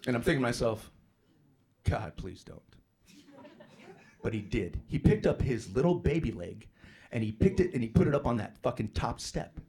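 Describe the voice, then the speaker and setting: A man doing a stand-up comedy set, telling a profane story with sudden loud outbursts. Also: medium pitch, big pitch swings, a little fast. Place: comedy club stage with a live audience. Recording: live club with loud crowd laughter. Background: audience laughter.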